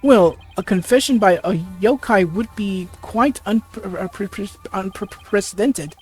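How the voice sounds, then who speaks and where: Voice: medium pitch, measured pace, a little mellow, husky, faint music behind. A reader voicing a bewildered older male judge in a let's play, asking puzzled questions and stumbling over the words. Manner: stammers over the lines. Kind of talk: let's play dialogue reading.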